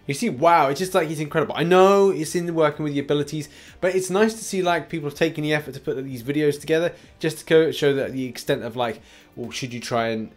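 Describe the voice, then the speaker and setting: A man hosting a casual gaming news show, rambling and laughing often, with a slight cough. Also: a little high.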